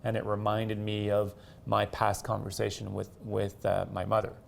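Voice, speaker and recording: A man whose first language is French, speaking haltingly with many restarts as he reflects in a conversation with his partner. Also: fairly low pitch, monotone, creaky, a little hiss or hum. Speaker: co-host.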